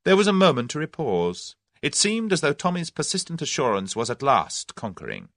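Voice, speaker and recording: A man narrating an audiobook in an expressive, dramatic reading style. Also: fairly high pitch, moderate pace, dry recording. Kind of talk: scripted narration.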